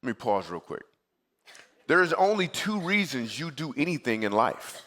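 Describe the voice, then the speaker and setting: A man's voice: medium pitch, very animated, moderate pace, bright, forceful tone. A man from Michigan, a comedian as guest speaker, telling a personal story in a comedic sermon and acting out his own replies in a conversational way. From Michigan, USA. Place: church stage before a live audience.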